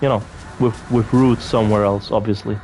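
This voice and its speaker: A man's voice: lowish voice, fairly even intonation, brisk, a little mellow, faint music behind. A young man from Austria, ranting profanely and indignantly as he tells a storytime vlog. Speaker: vlogger. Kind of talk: angry storytime rant.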